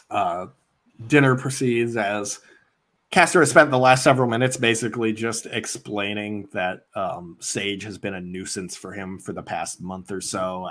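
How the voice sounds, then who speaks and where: A man narrating as game master of a tabletop role-playing game, loose and relaxed with many fillers. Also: on the low side.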